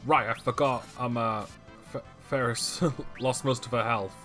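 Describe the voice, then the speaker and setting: A man's voice: mid-range voice, steady tone, unhurried, bright, forceful tone, faint music behind. A man hosting a let's play, chatting casually as he plays, rambling with fillers and restarts. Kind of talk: casual game commentary.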